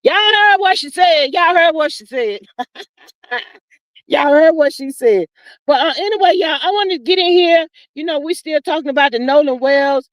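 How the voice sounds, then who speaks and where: Folksy older woman, high voice. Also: no echo. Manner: folksy, animated, calls viewers honey and child. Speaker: livestream host. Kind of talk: casual livestream chat.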